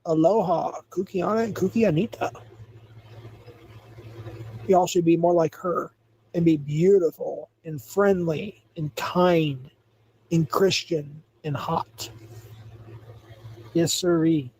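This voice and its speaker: A man's voice: a little high, slow, long pauses, darkish tone, slightly rough. A man hosting a livestream, chatting casually, rambling, reading chat aloud and laughing often. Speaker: livestream host.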